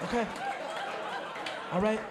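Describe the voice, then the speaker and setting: A man from El Salvador doing a stand-up comedy set, brash and punchy, shouting his punchlines to the crowd. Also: slow pace, noisy background. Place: comedy club stage with live audience.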